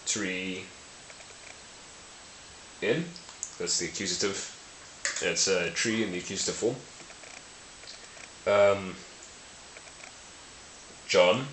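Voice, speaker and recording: Playful low-voiced man, bright and roomy. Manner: playful, self-correcting, laughs at own slips. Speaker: language video host. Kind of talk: casual explainer to camera. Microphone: camera mic. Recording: roomy with faint hiss.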